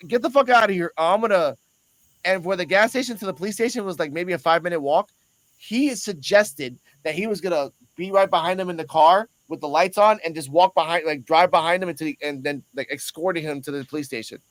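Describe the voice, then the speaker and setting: High-voiced man telling stories. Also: quick pace, dry recording, rough recording. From Puerto Rico. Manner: animated, profane, acts out the other people in his stories. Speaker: host. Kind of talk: casual storytelling on a reaction show.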